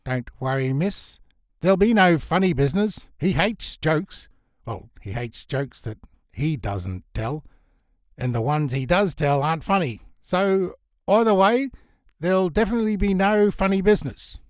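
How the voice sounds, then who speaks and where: A man's voice: fairly high pitch, a little slow, no echo, clean studio sound, pitched above the performer's own voice, natural voice. A man voicing a bumbling male servant of a vampire who stammers and fakes a cheerful accent. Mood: flustered. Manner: flustered, stammering, over-eager.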